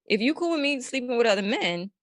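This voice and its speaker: A woman's voice: fairly high pitch, lively intonation, fast, no room sound, studio quality. A woman from the United States, a podcast guest, talking bluntly in slangy casual chat and laughing often.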